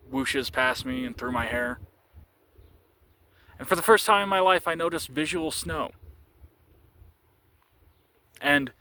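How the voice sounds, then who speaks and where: A man telling a personal story in a casual way, halting and repeating words, with frequent chuckles. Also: mid-range voice, sharp tone, a little hiss or hum.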